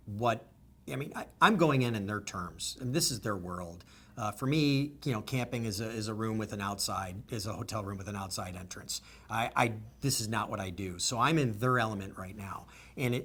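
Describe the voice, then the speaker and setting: A man's voice: on the low side, fairly bright tone, breathy edge. A businessman answering interview questions in an earnest, emotional, stream-of-consciousness way.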